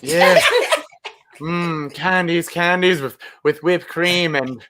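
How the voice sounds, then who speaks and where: A man's voice: on the high side, steady tone, slow pace, sharp tone. A man voicing a lovesick would-be European romancer in a put-on vague European accent, delivering a hammy improvised love letter. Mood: swooning. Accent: put-on non-specific European accent. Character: lovesick male European-ish romancer writing a sexy letter.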